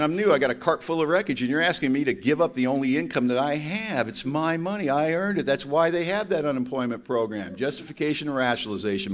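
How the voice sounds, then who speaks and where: A man sharing his recovery story at a meeting, blunt and confessional, telling it with animated storytelling and acting out the voices he quotes. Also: mid-range voice. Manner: blunt, confessional and self-mocking. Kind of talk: personal testimony talk to a recovery meeting.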